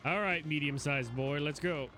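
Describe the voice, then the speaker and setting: A man's voice: a little high, normal speed, pushed and bright. A man giving live gameplay commentary, playfully chatting to the monsters he fights. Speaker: game streamer. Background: game music.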